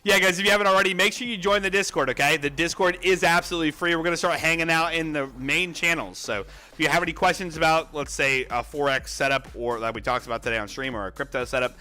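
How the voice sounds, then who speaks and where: A man hosting a trading livestream in casual chat, reading out viewer names rapidly with excited outbursts and running out of breath. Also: a little high.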